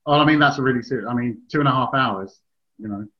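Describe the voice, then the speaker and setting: A man with a mid-pitched voice talks dogs in a relaxed, chatty way. He explains his advice at length and sounds like a trainer answering a listener. The recording is a little dull and lo-fi. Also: fast talker. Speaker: dog trainer, podcast host. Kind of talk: casual advice chat.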